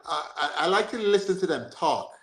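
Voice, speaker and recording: This podcast host, a man with a Jamaican accent, talks football casually at normal speed with a fairly high pitch. The room is echoey, and he stays animated, repeating points and checking in with "you understand?"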